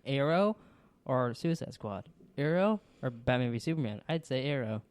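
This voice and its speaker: A man's voice: medium pitch, expressive, normal speed, a little mellow, clear, resonant tone. A young man co-hosting a podcast, joking playfully in casual banter with his father. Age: young adult. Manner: playful, joking, sing-song. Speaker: podcast co-host.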